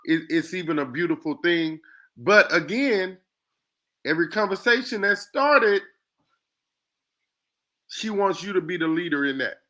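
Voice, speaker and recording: A man hosting a casual discussion, animated and joking as he lays out scenarios. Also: high voice, measured pace, long pauses. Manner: animated, poses scenarios, jokey asides.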